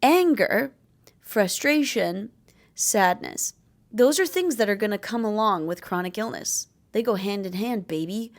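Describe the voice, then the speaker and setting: Young adult woman, vlogger; candid, blunt, profane, emphatic delivery. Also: medium pitch. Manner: blunt, swears freely, emphatic. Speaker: vlogger sharing chronic illness tips. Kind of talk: candid talking-to-camera advice.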